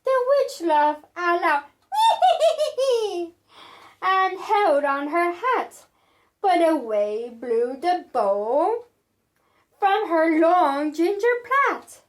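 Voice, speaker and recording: A woman reading a picture book aloud to children in an expressive, sing-song way. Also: very high-pitched, slow pace. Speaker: children's storyteller.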